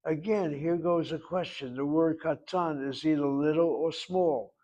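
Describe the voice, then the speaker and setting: Patient, higher-voiced male language teacher. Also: fairly even intonation, measured pace, warm tone, dull audio. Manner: patient, explains at length, asks rhetorical questions. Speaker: Hebrew instructor. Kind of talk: online language class.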